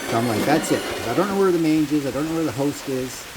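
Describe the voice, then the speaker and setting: A man's voice: mid-range voice, animated, quick pace, heavy background noise. A man casually commentating on his own gameplay, swearing freely and voicing his inner thoughts as he goes. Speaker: gaming commentator. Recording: loud game music behind the voice. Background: loud game music.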